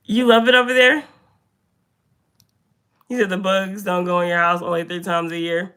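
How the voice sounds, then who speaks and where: A young woman chatting casually on a live stream in a room indoors, talking to her viewers by name in an animated way. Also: fairly low pitch, moderate pace, clean tone. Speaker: livestreamer.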